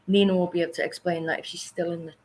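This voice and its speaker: A woman's voice: lowish voice, level tone, racing, darkish tone, poor audio. A woman hosting a casual livestream from home on a shared desk microphone, chatty and rambling, laughing often. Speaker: livestream host.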